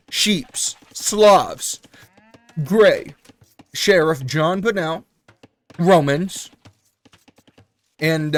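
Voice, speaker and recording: Male live-stream game caster, a bit high-pitched, chatty and joking, full of quick asides. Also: dry recording. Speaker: strategy game tournament caster.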